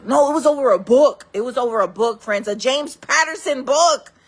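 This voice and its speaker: A woman vlogger telling wild stories in casual talk, laughing often, calling her viewers friends and acting out other people in loud voices. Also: sits high, moderate pace, husky. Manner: acts out quoted people in loud raised voices.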